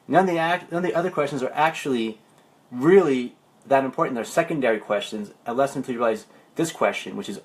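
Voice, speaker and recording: A man, a life coach, talking on a Facebook livestream, rambling through stories and then slowing into meditative phrasing. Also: medium pitch. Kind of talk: Facebook live talk. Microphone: livestream camera.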